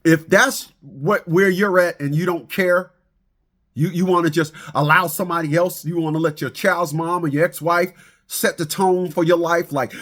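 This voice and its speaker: A man's voice: on the high side, expressive, normal speed, a bit bright. A middle-aged man giving a preachy monologue about fathers and child support, often stammering and repeating words as he restarts. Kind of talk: animated monologue to camera.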